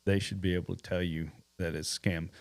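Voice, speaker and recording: A man's voice: low voice, little pitch movement, a little fast, vocal fry. A man hosting a bail bonds podcast, giving earnest warnings in casual chat. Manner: earnest, warning tone, repeats points.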